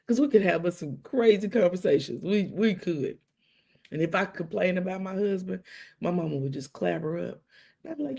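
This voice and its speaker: A middle-aged woman hosting a live stream, telling stories with quoted dialogue and hushed asides. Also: mid-range voice, normal speed, vocal fry. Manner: animated storytelling with quoted dialogue and dramatic hushes. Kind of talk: casual live-stream talk.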